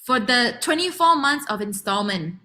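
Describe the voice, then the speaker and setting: A young woman with a Malaysian English accent and a slightly high voice presents an online sales demo. She is chatty and lively, and she acts out her customers' lines as she goes. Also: normal speed.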